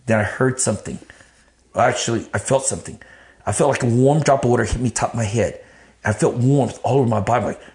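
A man telling his life story in an interview, blunt and animated, swearing freely. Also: mid-range voice, a little fast. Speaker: interview guest. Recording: roomy echo.

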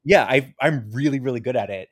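With a mid-range voice that runs a little fast, a man co-hosting a podcast narrates a story casually while voicing both sides of a dialogue. The recording is dry and studio-clean.

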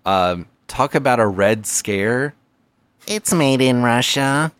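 A man co-hosting a podcast, delivering dry, deadpan quips and reading the sponsor plugs. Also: mid-range voice, takes it slowly, clean tone, no echo. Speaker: podcast co-host. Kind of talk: casual comedic chat.

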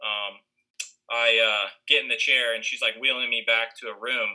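A man's voice: mid-range voice, steady tone, normal speed, sharp tone, rough recording. A man casually telling a long story with lots of fillers and restarts. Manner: rambling, many fillers.

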